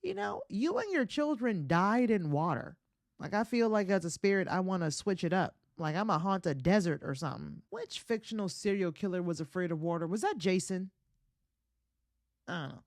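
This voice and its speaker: A woman hosts a comedy podcast, retelling a legend in a loose, profane, chatty way. She speaks in a lower voice in a very dry, close-sounding room. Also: animated, moderate pace, darkish tone, dry recording. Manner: profane, chatty, laughs often at her own jokes. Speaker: podcast host.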